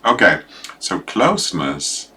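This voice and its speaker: Male lecturer, slow and halting, lots of fillers, bright tone. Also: sits low. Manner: hesitant, with many fillers and restarts; animated, acting out examples. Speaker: teacher.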